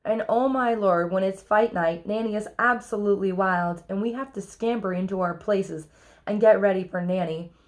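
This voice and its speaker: A woman reading a children's picture book aloud in an expressive, lively first-person storytelling voice. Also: medium pitch, normal speed. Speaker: reader.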